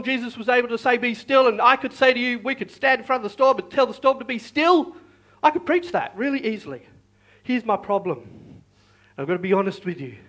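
A male pastor preaching a sermon in a lively, repetitive way, often calling out to the congregation. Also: very high voice.

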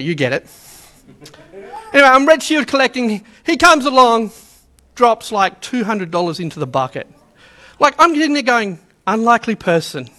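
A man's voice: high-pitched, sharp tone. A man preaching a sermon in a chatty, storytelling way, acting out the quotes he tells. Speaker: pastor.

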